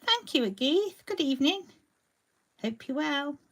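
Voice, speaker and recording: Painting during a live crafting demo, a woman chats along and welcomes viewers by name. Her voice is high-pitched and animated, yet her delivery is unhurried.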